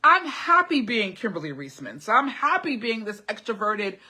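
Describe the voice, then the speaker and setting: Reading live comments in a casual motivational talk, a middle-aged woman hosting the stream spurs viewers on with short, repeated urgings and laughs often. Her voice is on the high side, classically trained, pushed, bright, and husky, very animated and at normal speed.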